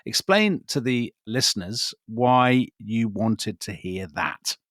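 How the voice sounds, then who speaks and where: A man with a Yorkshire accent leads a history conversation and keeps it moving with questions. His voice sits at a middle pitch and sounds dry and close. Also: animated, takes it slowly, fairly bright tone, dry recording. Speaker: podcast host.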